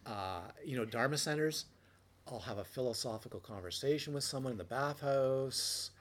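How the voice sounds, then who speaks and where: Meditation teacher giving a dharma talk, restarts. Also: male voice, medium pitch, normal speed. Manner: relaxed, anecdotal, frequent restarts and playful acted quotes.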